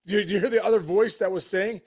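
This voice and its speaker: A man's voice: high voice, fairly quick. A man co-hosting a sports talk show, giving encouraging, emphatic commentary. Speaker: sports radio co-host.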